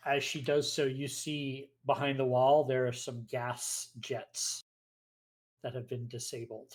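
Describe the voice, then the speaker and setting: A man at mid pitch narrates a tabletop game as its game master. He describes scenes step by step and explains rules in a plain, matter-of-fact way, talking into a mic on a call. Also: little pitch movement, a little slow.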